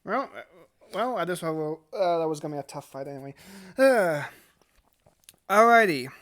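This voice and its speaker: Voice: medium pitch, animated, moderate pace, fairly bright tone. A tabletop game player who talks hesitantly, with many fillers and restarts, and who is precise about the rules. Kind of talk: casual tabletop play.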